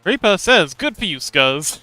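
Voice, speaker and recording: A man hosting a livestream, reading out chat and answering in a loose, joking way. His voice is bright, clear and a little high for a man, and he talks close to a dry mic with faint music underneath. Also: very animated, measured pace, no room sound. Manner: chatty and playful, laughs often between remarks. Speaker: livestream host. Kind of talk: casual livestream chat, reading viewer messages aloud.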